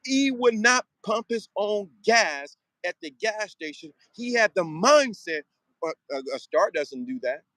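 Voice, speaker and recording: Male host, motivational rant, repeats himself for emphasis, higher voice, dead-dry sound. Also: animated, measured pace, pushed and bright, no echo, rough recording. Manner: preachy, emphatic, street slang, repeats phrases. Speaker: show host. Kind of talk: motivational monologue.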